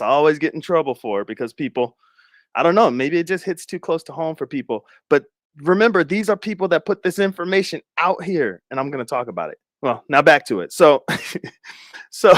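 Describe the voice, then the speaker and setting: A man's voice: a little high, fairly bright tone, no echo, studio quality. A man giving casual, rambling commentary to his viewers, laughing often and speculating. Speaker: commentary streamer.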